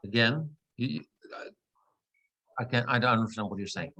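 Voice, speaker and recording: A man's voice: medium pitch, moderate pace, sharp tone. Man teaching Torah reading. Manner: patient, explains step by step, checks students follow. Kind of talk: class instruction. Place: synagogue classroom or online class.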